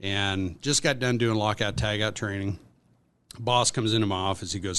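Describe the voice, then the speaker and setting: A man with a lowish voice and a forceful, sharp-edged tone, telling stories loosely as a podcast guest. He rambles, restarts and fills pauses with "uh" and "you know". It sounds like relaxed conversation. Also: clear, resonant tone. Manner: rambling anecdotal storytelling with many fillers. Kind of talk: casual storytelling.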